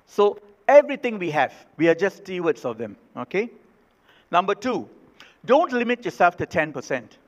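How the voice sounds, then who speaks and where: A man's voice: high-pitched, big pitch swings, normal speed. A male pastor preaching a sermon, emphatic and repeating his key phrases. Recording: reverberant hall, dull sound.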